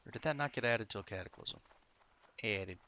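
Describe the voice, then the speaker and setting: A man's voice: fairly low pitch, moderate pace, bright, forceful tone, a little hiss or hum. A tired, sleepy man casually commenting on his gameplay to himself, rambling and swearing. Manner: rambling, profane, self-talking. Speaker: streamer playing an online game.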